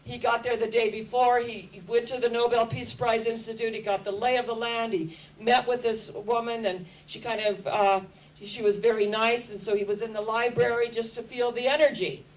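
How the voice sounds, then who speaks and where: A woman speaking to an audience, telling a story as a lively storyteller who keeps coming back to energy and spirit. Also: fairly high pitch, normal speed, recorded from a distance, rough recording. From United States. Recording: voice a bit off mic with faint hum.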